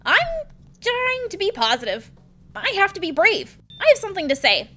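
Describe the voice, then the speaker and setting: A woman reading a game character's chat lines aloud, voicing an excitable young male hacker in a bouncy, earnest way. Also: very high-pitched, normal speed, pitched above the performer's own voice, full character voice.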